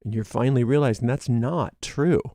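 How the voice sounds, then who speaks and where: Mellow-voiced man reading tarot cards. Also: medium pitch, a little fast, no room sound, studio quality. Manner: animated, acts out quoted voices, laughs, restarts often. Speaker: tarot reader. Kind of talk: daily tarot reading monologue.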